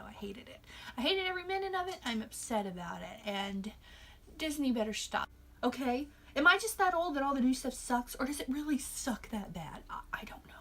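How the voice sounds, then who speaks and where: A woman's voice: fairly high pitch, slightly rough. A young woman vlogger delivering an exasperated, sarcastic movie review rant, sounding a little tired. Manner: sarcastic, exasperated, animated ranting.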